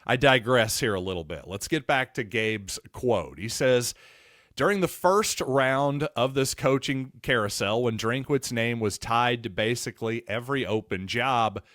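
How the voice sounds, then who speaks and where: A man's voice: medium pitch, animated, a little slow, fairly bright tone, dry recording, studio quality. A man hosting a sports podcast, talking casually in a wry, digressive, self-deprecating way. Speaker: podcast host.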